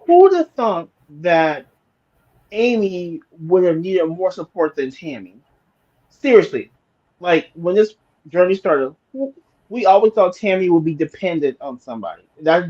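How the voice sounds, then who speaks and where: A man's voice: fairly high pitch, expressive, moderate pace, darkish tone. Blunt, opinionated man on dull audio. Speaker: co-host of a TV recap show. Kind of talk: casual livestream commentary.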